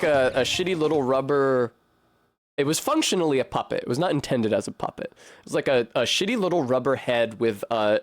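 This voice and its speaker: Sardonic rambling young man streaming. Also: medium pitch. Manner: rambling, sardonic, swears freely. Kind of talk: casual chat while playing a video game. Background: faint game music.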